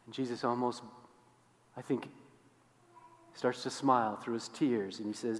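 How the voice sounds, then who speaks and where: A male pastor preaching a sermon in a church, swinging between loud emphasis and hushed, quiet lines. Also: mid-range voice, unhurried, long pauses, in a large hall. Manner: expressive, swings from loud to hushed, acts out quoted voices. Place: church sanctuary.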